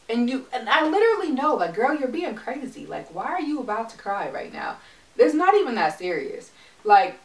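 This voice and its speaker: A woman's voice: fairly high pitch, a bit bright, far from the mic. A young adult woman chatting casually in a vlog, talking in a loose, filler-heavy way. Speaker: pregnancy vlogger. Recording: echoey room, mic set back.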